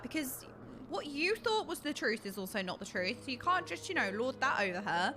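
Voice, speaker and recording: Young woman streamer, high bright voice, expressive and exclamatory; relaxed pace over soft game music. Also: moderate pace, few pauses. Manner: animated, exclaiming, reacting to the story. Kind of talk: casual live game commentary.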